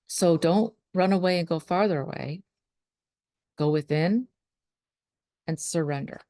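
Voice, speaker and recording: A woman's voice: low-pitched, vocal fry, darkish tone, no echo, clean studio sound. A woman, a spiritual life coach, talking earnestly to her viewers about trust and surrender. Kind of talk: motivational talk to camera.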